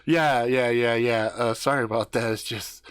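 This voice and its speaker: A man's voice: medium pitch, fairly even intonation, moderate pace, fairly bright tone, smooth, no echo, clean studio sound, close to an everyday voice. A man voicing a brash, crude young man on spring break chatting up a woman. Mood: smooth-talking. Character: brash young male partier, crude and bold.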